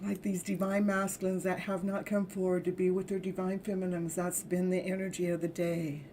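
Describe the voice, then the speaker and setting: A woman's voice: fairly low pitch, flat delivery, fairly quick, dark tone, slight background noise. A woman giving a live tarot reading in a chatty way, laughing often and acting out voices for the figures in the cards. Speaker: tarot reader.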